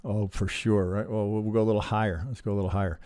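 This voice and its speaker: A man teaching trading on a live stream, reviewing charts in an animated, profane way and asking "right?" again and again. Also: on the low side, rapid-fire, clean tone, no room sound, clean studio sound. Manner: profane, emphatic, acts out trader reactions, keeps asking "right?".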